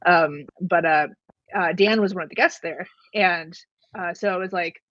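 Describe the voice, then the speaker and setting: A woman's voice: on the low side, normal speed, fairly bright tone, no room sound. A woman telling a story as an interview guest, rambling with many filler words and frequent laughs. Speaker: comic artist guest. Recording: slightly dull, lo-fi sound.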